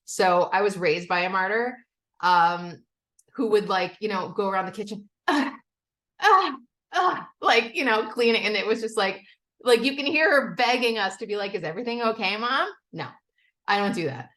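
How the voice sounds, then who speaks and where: Candid, animated woman sharing in recovery. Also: medium pitch, normal speed. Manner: candid, animated, acts out quotes of family; swears casually, frequent "okay?" and "like". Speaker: recovery step-study speaker. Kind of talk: personal share in a recovery meeting.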